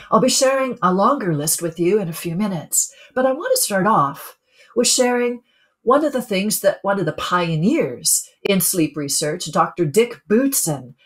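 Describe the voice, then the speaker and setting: A middle-aged woman who coaches people on sleep, speaking calmly in a webinar and putting questions to her listeners. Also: mid-range voice. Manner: calm, teaching, asks the listeners questions. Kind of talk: webinar talk.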